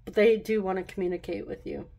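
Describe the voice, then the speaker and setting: A woman's voice: mid-range voice, steady tone, fast talker, vocal fry, mellow. A woman giving a casual pick-a-card tarot reading, chatty and rambling, often laughing at herself as she works through the cards.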